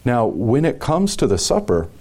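A man's voice: mid-range voice, big pitch swings, normal speed, a little mellow. A man, a pastor giving long, thoughtful answers in a casual podcast chat, with frequent chuckles. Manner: thoughtful, rambling, chuckling often.

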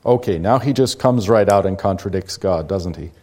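A man's voice: lowish voice, big pitch swings, moderate pace, few pauses, mellow. Man teaching a conversational Bible class. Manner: conversational, rhetorical questions. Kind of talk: Bible study lecture.

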